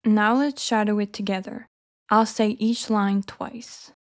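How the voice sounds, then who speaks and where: An American woman leads an English shadowing lesson at a very unhurried pace. She sounds out each word deliberately so listeners can echo her. Her pitch sits in an ordinary middle range. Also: steady tone. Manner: slow, careful enunciation for learners to repeat. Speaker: English teacher.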